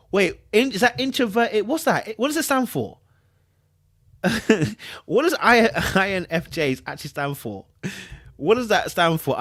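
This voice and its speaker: A young man hosting a casual livestream, reading comments from his chat. He talks in slang, gets excitable and laughs often. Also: high voice, no room sound, clean studio sound. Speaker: livestream host.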